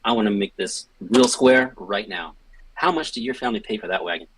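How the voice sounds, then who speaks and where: A fawning traveling salesman with a homespun drawl, as a man puts him on at the gaming table. The voice sits deep and slightly husky, recorded close and dry. He is slick and eager to please. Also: brisk, fairly bright tone, dry recording, low-quality recording. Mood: smooth, apologetic. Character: slick smooth-talking male traveling salesman.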